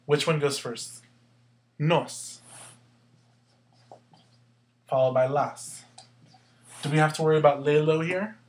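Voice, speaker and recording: A man teaching a language lesson step by step, asking questions and answering them himself and slowly sounding out words to show where the stress falls. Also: a little high, steady tone. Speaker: Spanish teacher. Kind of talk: explaining grammar step by step.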